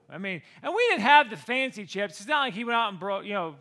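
A middle-aged man tells a homey story straight to camera in a high, bright voice. He is animated and jumps into the voices of the people in the tale. It stays casual and chatty throughout. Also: quick pace, few pauses. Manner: animated, acts out quoted voices with big swings. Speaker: vlogger.

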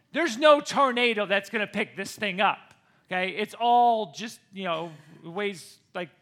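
A man with a very high, bright voice tells a personal story to a crowd. He keeps turning to his listeners with quick checks like "okay?" and "right?". His tone is lively, with a ringing edge. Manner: addresses listeners directly with frequent "okay?" and "right?". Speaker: speaker telling a personal story to an audience.

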